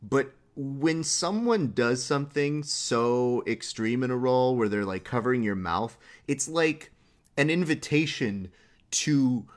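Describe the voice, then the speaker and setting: A man's voice: mid-range voice, unhurried. A man hosting a casual interview, talking in a laid-back, hesitant way with fillers. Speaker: podcast host.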